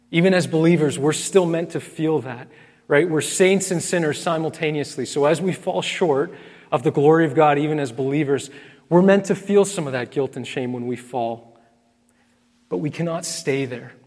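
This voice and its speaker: A man's voice: fairly high pitch, moderate pace, a little mellow. Earnest male preacher in a reverberant hall. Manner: earnest, addresses listeners as friends; emphatic, repeats key phrases. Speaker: pastor. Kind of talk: sermon.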